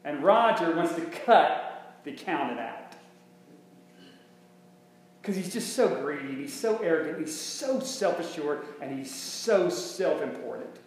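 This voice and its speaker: A man's voice: on the high side, lively intonation, a little slow. A male minister preaching a conversational sermon, full of restarts and rhetorical questions. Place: church sanctuary. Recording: very echoey church room with faint hum.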